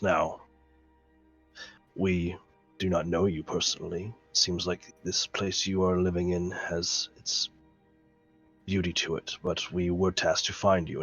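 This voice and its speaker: A man playing a solemn male champion in a tabletop role-play, speaking slowly and haltingly. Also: sits low, fairly bright tone, breathy edge, highs cut off, heavily acted. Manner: slow, solemn, halting in-character speech. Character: grave male champion of a water goddess.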